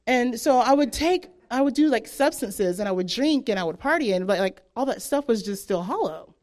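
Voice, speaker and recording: Woman, animated testimony, chatty delivery that keeps slipping into the voices of other people. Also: fairly high pitch, normal speed. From southern United States. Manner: animated, chatty, acts out quotes, laughs often. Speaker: speaker giving a testimony. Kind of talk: personal testimony.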